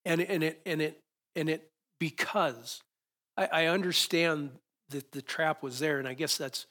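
A middle-aged man preaching a sermon as pastor, telling a personal story with sudden loud emphatic peaks. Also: a little high, a little slow.

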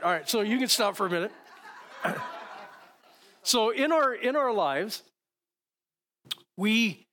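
Pitched high, pushed and bright, a male pastor talks to his congregation from the church stage. It's a sermon built around a live demonstration, and he speaks conversationally, often restarting as he coaches volunteers through it.

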